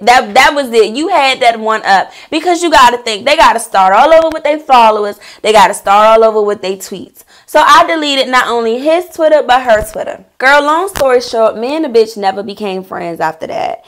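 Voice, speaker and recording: A woman telling a personal storytime in a casual vlog, animated and profane, talking straight to viewers. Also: fairly high pitch, normal speed, few pauses. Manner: bursts into laughter mid-story.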